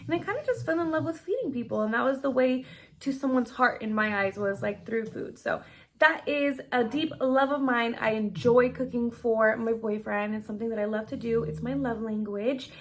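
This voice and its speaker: A woman's voice: a little high, moderate pace. A young woman chatting her way through a makeup tutorial and Q&A, bubbly and chatty, sometimes whispering asides. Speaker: beauty vlogger. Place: home room lit by ring lights.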